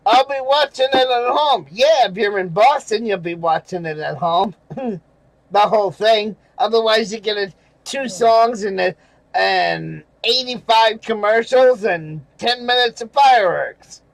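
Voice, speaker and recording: High-pitched guy slowly ranting over comments, swearing a lot, dry close sound. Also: vocal fry, no room sound, poor audio. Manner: angry, profane, sarcastic; chuckles between remarks. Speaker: channel host reading viewer comments.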